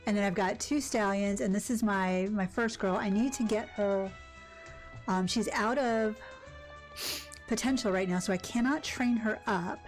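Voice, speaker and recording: A woman live-streaming a cozy game, chatting casually and rambling with quick asides about her day. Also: mid-range voice, soft background music. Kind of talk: casual live-stream chat while gaming.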